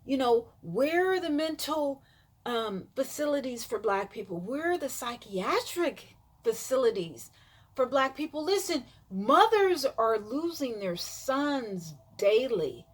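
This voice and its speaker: A woman's voice: high voice, sing-song, takes it slowly. A woman vlogging an emphatic, insistent opinion monologue, repeating herself for emphasis.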